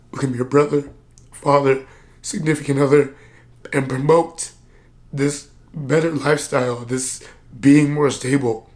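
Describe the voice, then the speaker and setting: A man's voice: mid-range voice, darkish tone. Drained, earnest man vlogging. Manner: earnest, reflective, plain-spoken with many "like" fillers. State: drained and low on energy. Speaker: personal development coach and vlogger. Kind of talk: candid vlog monologue to camera.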